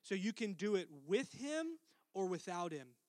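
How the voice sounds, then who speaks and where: A middle-aged man preaching a sermon as pastor, earnest, dropping to a soft hush for tender lines. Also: high voice, sing-song, unhurried, dry recording.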